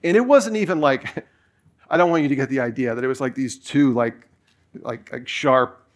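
A pastor in his forties preaches a sermon, telling a personal story casually with lots of fillers. His voice is medium in pitch and his pace moderate.

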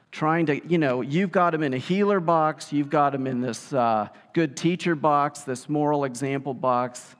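An animated man preaching, his voice sitting a little high for a man. He acts out the people he quotes. His words ring with a long reverb, as if he stands in a large hall. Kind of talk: sermon.

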